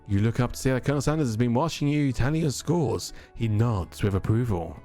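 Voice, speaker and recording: A man streaming a dating game, reading the narration aloud and tossing in animated, casually profane asides. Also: medium pitch, fast talker, vocal fry, hardly any pauses, soft background music.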